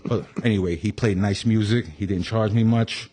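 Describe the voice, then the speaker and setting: A man's voice: lowish voice, normal speed. A man hosting a casual podcast, telling stories with acted-out voices and sound effects. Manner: animated storyteller, acts out voices and horn sounds. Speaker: podcast host.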